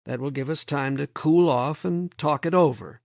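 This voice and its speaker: A man voicing a tired but determined male department chairman who speaks softly. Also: a little high, creaky, no room sound, studio quality. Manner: soft, firm, quick.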